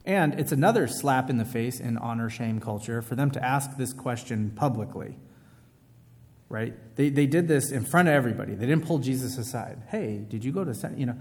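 A man's voice: medium pitch, darkish tone, in a large hall. A man preaching a sermon in a casual, conversational way, often asking his listeners questions. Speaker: pastor.

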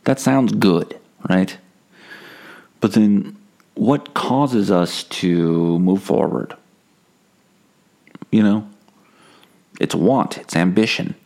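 A man hosting a solo comedy podcast, rambling in a deadpan, profane, self-mocking way. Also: lowish voice, very slow, pauses often.

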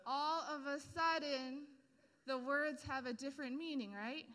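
A woman's voice: high voice, measured pace, fairly bright tone. A woman preacher giving a casual, humorous sermon full of everyday analogies and slang.

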